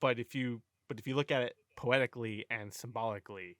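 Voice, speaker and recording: A man co-hosting a casual movie podcast, relaxed and joking about the film. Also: mid-range voice, fast, dry recording, studio quality. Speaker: podcast co-host. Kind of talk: casual chat.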